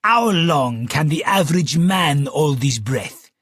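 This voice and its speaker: Casting: male narrator doing a showy Italian escape artist, loud, drawn-out, husky edge. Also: lively intonation, no room sound, studio quality, heavily acted. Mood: booming showman. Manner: booming, slow showman delivery. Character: boastful Italian stage escape artist man. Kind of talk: audiobook character voice.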